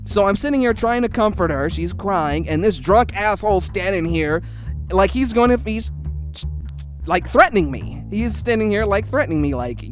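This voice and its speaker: A man's voice: sits high, moderate pace, soft background music. A young man telling a personal story in a casual, heated and profane way. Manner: heated, profane, animated retelling.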